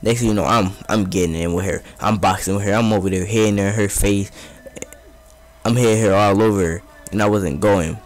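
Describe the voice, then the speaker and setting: A man's voice: fairly low pitch, steady tone, brisk. A young man casually telling a story over gameplay, rambling in profane street slang.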